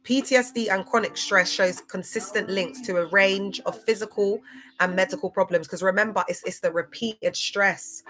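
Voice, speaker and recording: A woman chats to her livestream viewers in a loose, slangy ramble. Her voice sits in an ordinary middle pitch, and she wanders easily from point to point. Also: moderate pace, a bit bright. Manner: slangy, chatty, loose and digressive.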